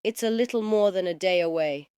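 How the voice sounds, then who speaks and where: A composed, clever Time Lady speaks in a cool, precise way, as a male narrator puts her on. The voice is lifted well above his own and sounds smooth and clear. The recording is dry and close. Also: sits high, brisk, darkish tone, dry recording, pitched above the performer's own voice, close to an everyday voice.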